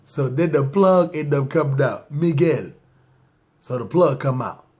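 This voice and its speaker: A man's voice: a little high, a little mellow. Slangy New man telling a story. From New York. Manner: slangy, drawn-out, keeps asking "see what I'm saying". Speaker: podcast storyteller. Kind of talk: casual spoken storytelling.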